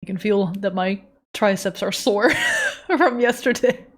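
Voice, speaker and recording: A woman's voice: medium pitch, moderate pace. A young woman art streamer chatting casually on a live stream, giggly and gushing with emotion.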